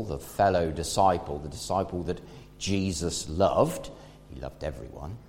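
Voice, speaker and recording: A man preaching a sermon, telling a Bible story and swinging between loud and hushed delivery. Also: low-pitched, vocal fry. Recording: long hall reverb.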